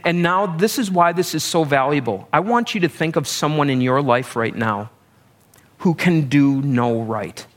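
A middle-aged male pastor giving a conversational sermon, with self-deprecating humor and everyday examples. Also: mid-range voice.

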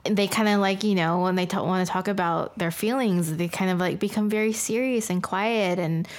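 A woman co-hosting a podcast who talks in a halting casual way full of fillers. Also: medium pitch. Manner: halting, lots of "like" and "you know" fillers. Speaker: podcast co-host. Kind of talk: casual chat.

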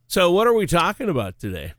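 A man's voice: high-pitched, wildly swooping pitch, quick pace, a bit bright, no echo, studio quality. A middle-aged man co-hosting a finance talk show, telling stories in a chatty way and laughing often. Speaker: radio show co-host. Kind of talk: casual chat.

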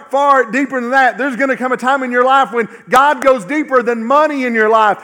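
A male pastor preaching a sermon in a church. He speaks emphatically, repeats key lines and often lets phrases fall away to a low, quiet finish.

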